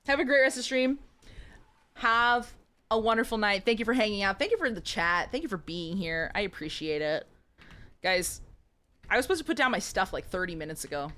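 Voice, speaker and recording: A woman's voice: medium pitch, lively intonation, fairly quick, sharp tone. A woman in her twenties streaming a game live, chatting playfully and joking with viewers. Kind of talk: live gameplay commentary.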